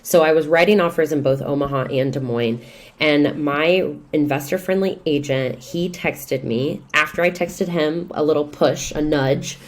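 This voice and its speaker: A woman, a real estate investor and coach, talking as a podcast guest in lively, expressive storytelling. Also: sits low, normal speed. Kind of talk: casual podcast conversation.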